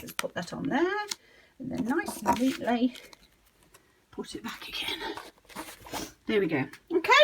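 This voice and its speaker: A woman's voice: sits high, rough recording. A woman teacher, chatting her way through a spelling card demonstration, talking to herself as she sorts. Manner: chatty, talks to herself while sorting cards. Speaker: early years teacher. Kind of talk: classroom demonstration.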